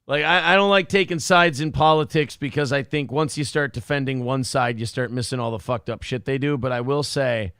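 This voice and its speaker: A man's voice: medium pitch, a little fast, few pauses, fairly bright tone, smooth, dry recording, studio quality. A man hosting a morning show, telling a story as a profane, heated rant. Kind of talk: casual podcast chat.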